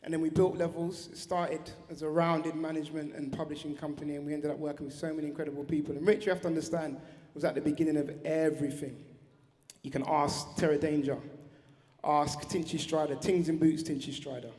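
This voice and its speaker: A man's voice: fairly high pitch, little pitch movement, a little fast, a little mellow. A man giving a heartfelt, slangy tribute speech on stage at an awards ceremony. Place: large awards venue hall. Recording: reverberant hall.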